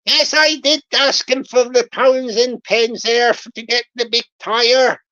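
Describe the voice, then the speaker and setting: A woman's voice: on the high side, steady tone, bright, forceful tone, dull audio. A woman voicing a cheeky accused man who stalls and giggles while dodging a scam charge. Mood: defensive. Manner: evasive, giggling, drawn-out stalling.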